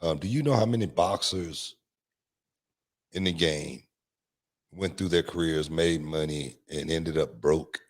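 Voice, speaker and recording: A middle-aged man with a very low voice, chatting casually as a podcast host. He is laid-back and often repeats a word before finishing his thought. He is recorded on a studio mic. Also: unhurried, pauses often. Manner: laid-back, repeats words while thinking. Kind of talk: casual sports chat. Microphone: studio microphone.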